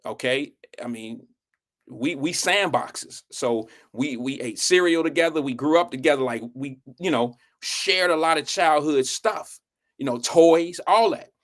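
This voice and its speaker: Animated man telling a story on air. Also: fairly high pitch. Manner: animated, swearing storyteller who speaks to the audience directly. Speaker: show host. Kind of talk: live show storytelling.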